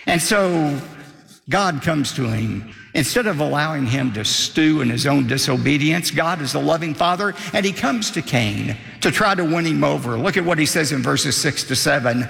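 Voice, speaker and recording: A man's voice: mid-range voice, vocal fry, fairly bright tone. An older man pastor delivering an emphatic sermon, lifting his voice when quoting scripture. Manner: emphatic preaching, rising for quotes. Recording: long hall reverb.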